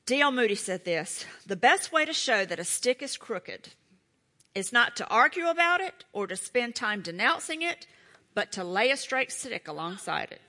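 A middle-aged woman preaching a sermon, emphatic and animated, with playful asides to her listeners. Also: on the high side, normal speed.

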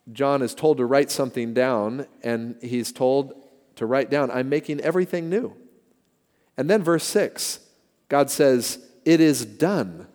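Older male pastor, mellow warm voice, sermon with long hall reverb, animated storytelling. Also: medium pitch. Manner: animated storytelling with emphatic repetition.

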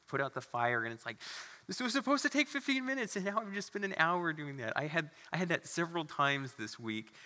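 A pastor preaches a sermon in a church sanctuary, his medium-pitched male voice bright and forceful. He's earnest and conversational, with asides to the congregation, and the recording has a long hall reverb.

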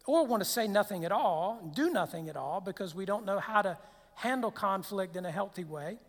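High-voiced preacher in a reverberant hall. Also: male voice, expressive, moderate pace. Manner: conversational preaching with rhetorical questions and restarts. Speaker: pastor. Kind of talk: sermon.

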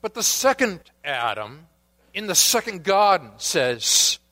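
Male pastor, sermon delivery, bright tone, unhurried pace. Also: high-pitched, big pitch swings. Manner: preaching, questions to the congregation, swings from loud to hushed.

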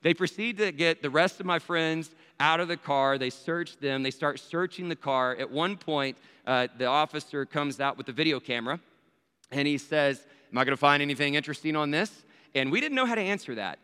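A man's voice: fairly high pitch, animated, moderate pace, pushed and bright, clear, resonant tone. A man telling a story in a sermon, acting out the voices of the people in it. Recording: long hall reverb.

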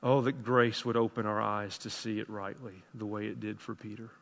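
A man preaching a sermon as pastor, impassioned and pleading, swinging between hushed and loud passages. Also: lowish voice, level tone, normal speed, gravelly. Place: church sanctuary. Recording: long hall reverb.

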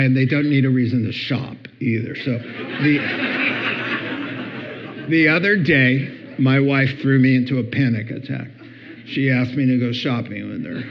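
A middle-aged man giving a humorous talk on marriage, lively and acting out little scenes in different voices. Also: measured pace, crowd noise. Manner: animated, acts out voices with big pitch jumps. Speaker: speaker on marriage. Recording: dull lo-fi recording.

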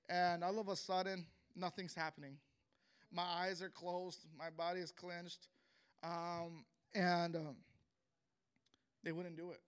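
A young man giving an earnest, emotional spoken testimony, halting and restarting as he tells his story. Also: high-pitched, level tone, fairly bright tone, clean tone. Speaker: speaker sharing a personal testimony.

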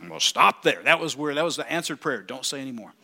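A pastor preaching a lively sermon, asking the congregation rhetorical questions and reading scripture aloud. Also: male voice, medium pitch, fast. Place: church.

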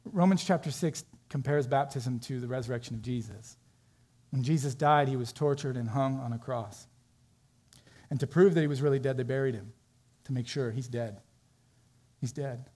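A middle-aged man preaches with earnest emphasis, acting out the people he quotes as he makes his point. His voice sits in an ordinary middle pitch. He is a pastor delivering a sermon. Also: normal speed, dark tone. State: emotional, tearful at times.

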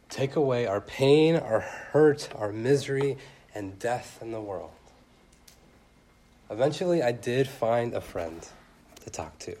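A young man preaching a sermon earnestly, his voice swelling loud and then dropping soft. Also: medium pitch, slight background noise.

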